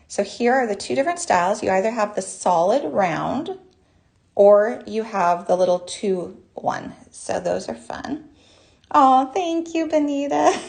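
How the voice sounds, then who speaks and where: A woman hosting a live jewelry-making class, chatty and bubbly, greeting viewers by name, with a naturally high voice. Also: gravelly, darkish tone. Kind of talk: live online craft demonstration.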